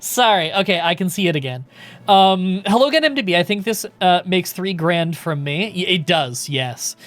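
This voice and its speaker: A man's voice: high-pitched, lively intonation, normal speed, fairly bright tone, dry recording. A man live-streaming a game, chatting casually with his viewers and swearing freely.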